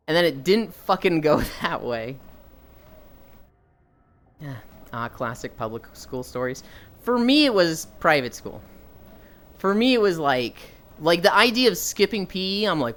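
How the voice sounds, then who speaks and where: A woman's voice: on the low side, animated, moderate pace, a bit bright. A young woman streamer telling casual stories to chat, swearing freely and acting out quoted people in raised voices. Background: faint music.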